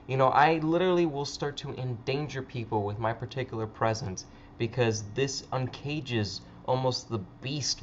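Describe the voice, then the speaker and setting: A man's voice: medium pitch, lo-fi sound, a little hiss or hum. Stammering, swearing man host. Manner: rambling, stammering, swears often. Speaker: livestream host. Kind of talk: casual chat.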